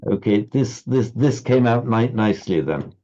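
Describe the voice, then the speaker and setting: A male Sanskrit recitation teacher runs an online class, patiently explaining syllable rhythm while stumbling into small restarts. His medium-pitched voice is animated and mellow at a normal speed, carried over a slightly dull, lo-fi video call line.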